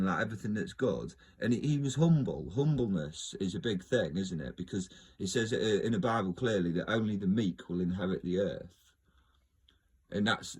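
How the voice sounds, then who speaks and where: A man's voice: lowish voice, slightly rough. A man talking in a casual, rambling monologue, joking, laughing often and trailing off mid-sentence. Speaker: video host.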